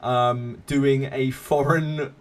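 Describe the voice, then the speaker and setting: A man's voice: mid-range voice, fairly even intonation, extremely slow. A man streaming a game live, chatting casually with viewers in a laid-back, self-mocking way and swearing freely.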